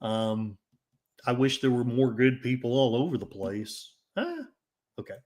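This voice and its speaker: A man's voice: mid-range voice, steady tone, moderate pace, darkish tone. A man with an Oklahoma accent hosting a casual livestream, reading chat comments in a rambling, jokey and self-mocking way. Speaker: livestream host.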